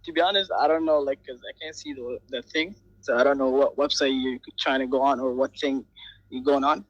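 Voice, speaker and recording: Young guy arguing back, bright voice, dry close sound, says bro a lot. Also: mid-range voice, steady tone, fairly quick, no echo, highs cut off. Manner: casual, pushes back with "man" and "bro". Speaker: debate caller. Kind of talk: casual debate.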